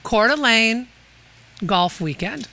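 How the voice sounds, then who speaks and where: A woman's voice: on the high side, animated, slow pace, bright, forceful tone. A woman co-hosting a charity auction, reading out item packages in a bubbly, enthusiastic way. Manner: bubbly, enthusiastic, a little breathless. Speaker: event co-host.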